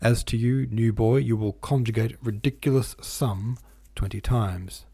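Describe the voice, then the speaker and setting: A man's voice: mid-range voice, fairly even intonation, measured pace, creaky, dark tone, slightly rough. A man reading aloud, voicing a stern, irritable male schoolmaster who barks curt orders at his class. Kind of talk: audiobook character voice.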